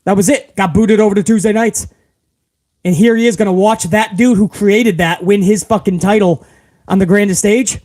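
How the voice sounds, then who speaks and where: A man's voice: high voice, fairly even intonation, moderate pace, darkish tone. A man hosting a casual live stream, reading out viewer comments and ranting with a lot of profanity, calling everyone bro.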